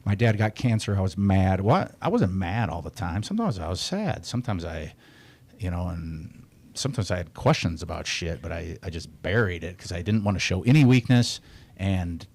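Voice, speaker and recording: A man in his forties with a somewhat low voice, talking as a podcast guest. He is blunt and swears freely, yet reflective and candid about his feelings. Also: sing-song, moderate pace, a little mellow. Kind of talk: candid casual chat.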